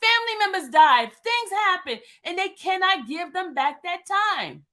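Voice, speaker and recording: Fifties woman, very high pitch, emphatic vlogger monologue with a heated, repetitive delivery. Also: big pitch swings, moderate pace, bright, forceful tone. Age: 50s. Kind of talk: impassioned monologue.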